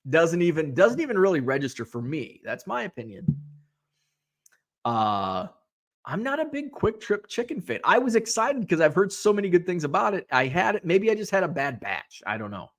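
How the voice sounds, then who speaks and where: A man's voice: sits high, normal speed. A middle-aged man hosting a casual live stream, reading viewer comments aloud and chatting back. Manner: chatty, animated, reads comments aloud and reacts. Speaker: host.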